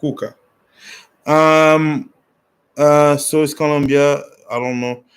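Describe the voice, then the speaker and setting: Rambling man vlogger, higher voice. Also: fairly even intonation, slow. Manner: rambling, with many restarts and fillers; blunt and direct. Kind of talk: casual talk answering viewer questions.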